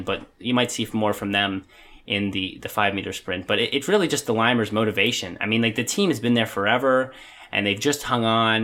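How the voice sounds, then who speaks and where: Speaking fairly low in pitch yet with a pushed, bright sound, a young man co-hosts a podcast. The talk is loose and casual, and he hesitates and starts over many times as he rambles.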